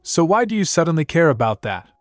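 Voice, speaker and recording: A man voicing a reserved, earnest young noble who answers calmly. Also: a little high, fast, no room sound, clean studio sound, faint music behind, pitched above the performer's own voice. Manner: calm, reserved replies.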